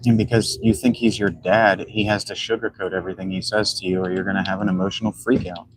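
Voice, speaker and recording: Blunt, rambling man with a lowish voice. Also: flat delivery, fast, few pauses, breathy edge, poor audio. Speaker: gaming streamer. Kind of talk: casual commentary while playing.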